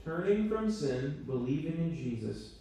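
A man's voice: fairly high pitch, big pitch swings, measured pace, warm tone, a little hiss or hum. A man leading a church training talk, conversational, checking in with his audience and making self-deprecating jokes. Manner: self-deprecating joking asides. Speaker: church teacher. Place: church meeting room. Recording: very echoey room, voice from far off.

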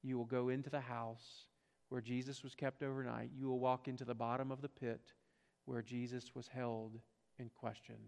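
A man with a Southern US accent from South Carolina preaching a sermon, swinging from hushed, low passages to loud, emphatic rhetorical questions. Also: level tone, moderate pace, creaky, clean tone, big-room sound. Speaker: pastor.

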